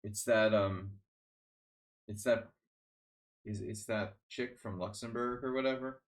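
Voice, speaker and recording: A man with a somewhat low voice talks casually to his stream viewers while he plays chess. His talk rambles, with a sardonic edge and plenty of restarts and fillers. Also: steady tone, slow pace. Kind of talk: casual live-stream chat.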